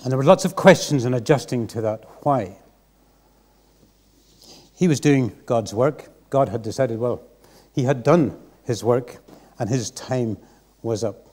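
A mellow-toned man, preaching from the pulpit of a church. He talks in an earnest, reflective, unhurried way. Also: mid-range voice. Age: 60s. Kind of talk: sermon.

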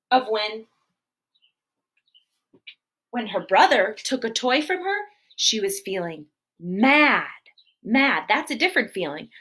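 A woman children's entertainer telling a story to preschoolers in an animated, sing-song way and asking the kids questions. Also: on the high side, slightly rough. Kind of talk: preschool storytelling live stream.

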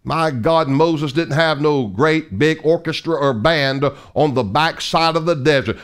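A man's voice: on the high side, a little slow, few pauses, clean tone. A middle-aged man preaching a fiery sermon as an evangelist, emphatic and mocking, full of rhetorical questions.

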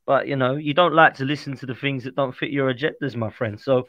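Quick, bright, combative man. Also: medium pitch, no room sound, dull audio. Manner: combative, insistent questions. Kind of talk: casual banter.

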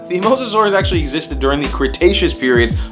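A young man hosting an educational video with animated, jokey delivery and playful asides. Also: fairly high pitch, fast. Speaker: host. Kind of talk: upbeat educational YouTube talk. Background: music.

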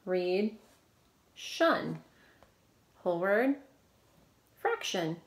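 A woman's voice: lowish voice, sing-song, drawn-out words, echoey room. A woman teacher leading a recorded phonics lesson, giving patient, encouraging, step-by-step prompts.

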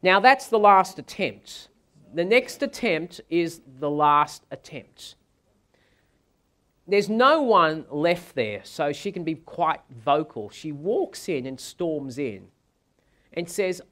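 A man giving a sales seminar, telling anecdotes in a dramatic, animated way. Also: fairly high pitch, slow pace. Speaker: sales trainer.

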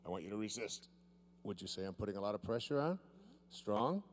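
A man's voice: on the low side, expressive, a little hiss or hum. A man speaking at a live seminar, teasing a volunteer and drawing out key words as he leads a demonstration. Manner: playful, teasing, drawn-out emphasis. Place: seminar room with live audience. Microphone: handheld mic held by a volunteer.

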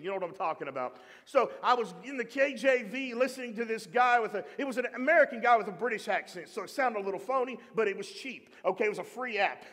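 A man's voice: high-pitched, husky. A man preaching a sermon as pastor, joking and calling out to the congregation for amens and raised hands. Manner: humorous, animated preaching with call-and-response to the congregation. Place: church sanctuary. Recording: long hall reverb in church.

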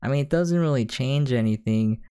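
A man's voice: mid-range voice, normal speed, mellow, smooth, no echo, studio quality. A man giving a casual, sarcastic and exasperated rant as an anime reviewer.

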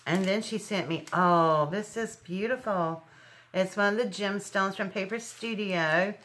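A woman's voice: lowish voice, a bit bright, slight background noise. A middle-aged woman chatting casually as she unboxes craft gifts, gushing over each item. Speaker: crafting channel host.

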